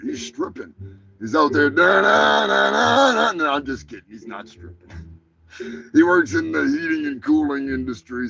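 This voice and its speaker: A man hosting a crude comedic live show, brash and profane, rambling through shout-outs to his viewers. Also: mid-range voice, creaky, low-quality recording. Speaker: host.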